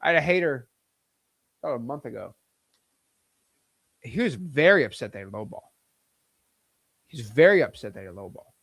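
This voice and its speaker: A man in his twenties hosting a casual livestream, talking in a hyped, boastful and excitable way. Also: medium pitch, normal speed, creaky, long pauses, slightly rough, no echo. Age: 20s. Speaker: host.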